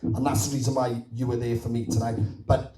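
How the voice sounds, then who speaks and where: A man's voice: medium pitch, flat delivery, brisk, mellow, reverberant, recorded from a distance, slight background noise, poor audio. A man judging a talent show, giving rambling, encouraging feedback to contestants with many restarts.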